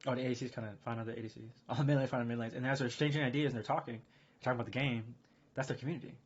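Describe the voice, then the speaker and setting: A man streaming casual chat, rambling and excitable, full of fillers and restarts. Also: medium pitch, rapid-fire, breathy edge. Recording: dull lo-fi stream audio.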